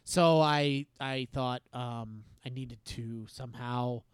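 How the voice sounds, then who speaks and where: A man telling a story in casual chat, halting and self-deprecating, laughing often. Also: mid-range voice, fairly even intonation, clean tone, no echo.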